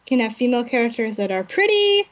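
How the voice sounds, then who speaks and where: A woman's voice: a little high, sing-song, fast talker. A woman co-hosting a podcast, chatting casually and ranting bluntly with frequent laughs. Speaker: podcast co-host.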